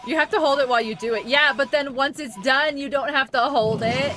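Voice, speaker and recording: A woman in her thirties rambles casually while live-streaming a game, giggling often and saying "like" constantly. Her voice is high, brisk, pushed, and bright, with slight background noise.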